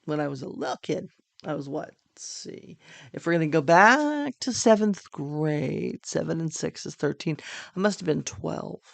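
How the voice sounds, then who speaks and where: A woman's voice: sits low, expressive, moderate pace, creaky, no room sound. An older woman hosting a casual political monologue, chatty and joking, sounding tired late at night. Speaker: podcast host.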